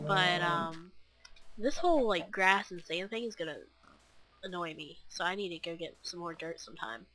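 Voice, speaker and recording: A woman's voice: on the low side, moderate pace, crowd noise. A young woman chatting to camera in a scattered, rambling way, full of fillers and restarts. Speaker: vlogger. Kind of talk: rambling casual chat.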